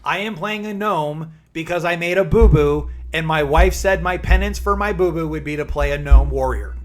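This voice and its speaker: A man's voice: a little high, normal speed, few pauses, faint music behind. A man in his forties, streaming live and chatting casually, upbeat and calling viewers by name.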